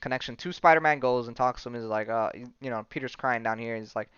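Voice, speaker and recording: A man hosting a podcast, casually recapping a comic book story with plenty of fillers and quick acted-out character lines. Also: medium pitch, a bit bright, clear, resonant tone, dry recording, muffled recording. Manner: rambling storytelling with many fillers, briefly acting out characters' lines. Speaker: podcast host.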